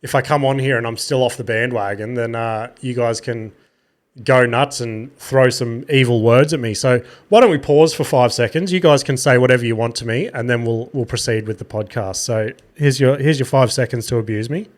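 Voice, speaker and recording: A man's voice: mid-range voice, moderate pace. A tired Australian man in his thirties telling rambling stories on his podcast, swearing casually and poking fun at himself. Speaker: podcast host. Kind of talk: casual solo storytelling.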